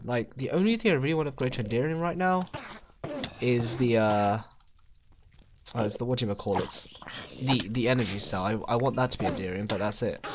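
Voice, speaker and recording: Gaming host, male, rambling self-mocking commentary, lively swooping pitch, faint keyboard clicks behind. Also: noisy background. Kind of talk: casual game commentary.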